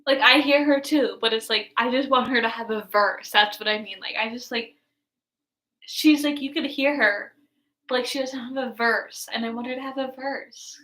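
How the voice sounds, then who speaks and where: A woman's voice: a little high, moderate pace, sharp tone. A woman in her twenties chatting casually while reacting to an album, rambling with lots of filler words. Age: 20s. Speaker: music reaction vlogger. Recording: echoey room.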